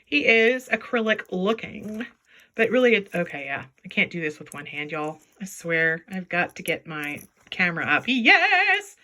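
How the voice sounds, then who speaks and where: A playful woman chats as she sorts through jewelry, talking to the pieces as if they were pets. Her voice is bright and keen, and it swoops up and down in a lively way. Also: lowish voice, normal speed. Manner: chatty and playful, talks to objects in silly voices. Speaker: jewelry reseller vlogger. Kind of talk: casual chat while sorting jewelry.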